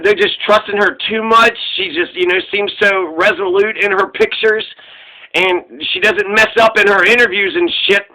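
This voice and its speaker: High, bright-voiced sarcastic man ranting. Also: steady tone, moderate pace, low-quality recording. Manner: sarcastic, profane, mocking. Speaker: political commentator. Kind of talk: casual commentary rant.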